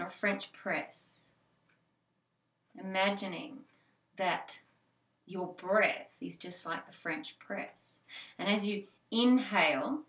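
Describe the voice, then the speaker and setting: A woman's voice: medium pitch, a bit bright. Australian woman teaching in an echoey room. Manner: conversational, with frequent fillers and restarts. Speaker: childbirth educator. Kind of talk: informal teaching talk.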